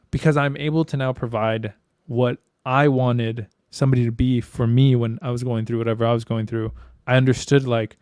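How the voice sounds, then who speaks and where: A young man co-hosts a podcast in casual chat, candid and profane, rambling with frequent restarts and plenty of swearing. His mid-range voice is darkish, clear and resonant, captured with clean studio sound and no room sound.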